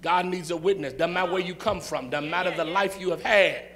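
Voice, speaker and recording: A man's voice: sits high, a little fast, a crowd in the background. A male pastor, preaching a sermon in a church with rhythmic, repetitive phrasing and call and response.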